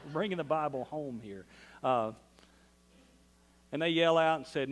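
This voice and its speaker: A man's voice: on the high side, unhurried, pauses often, a little hiss or hum. A man with a Southern US accent preaching a sermon, telling a Bible story in a folksy way. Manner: folksy storytelling, acts out quoted voices. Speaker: pastor. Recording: long hall reverb.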